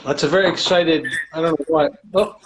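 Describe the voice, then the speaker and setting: A man on a video call, joking and reassuring with his co-host, then reading his own poem slowly. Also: on the high side, fairly even intonation, low-quality recording. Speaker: co-host and poet on a livestream. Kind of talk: casual livestream chat and poetry reading.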